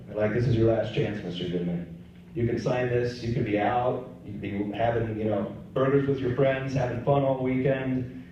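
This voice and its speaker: A man's voice: mid-range voice, dark tone, a little hiss or hum. A man who is a pro-life missionary, telling his personal testimony conversationally and acting out the dialogue. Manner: conversational, acts out dialogue in quotes. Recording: distant, echoey, dull-sounding room recording.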